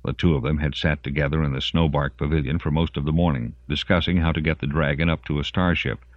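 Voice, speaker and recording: A man narrating an audiobook in an expressive storytelling manner. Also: extremely low pitch, quick pace, no echo. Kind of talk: scripted narration. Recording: dry, muffled lo-fi audiobook.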